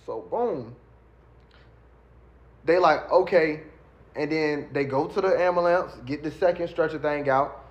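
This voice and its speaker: A man's voice: on the high side, unhurried, long pauses, no room sound, muffled recording. A man telling his own story in casual street slang, rambling with many fillers.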